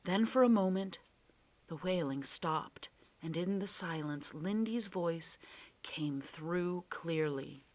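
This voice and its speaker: A woman's voice: on the low side, slow, darkish tone. A woman reading a children's adventure book aloud with dramatic storytelling. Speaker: reader.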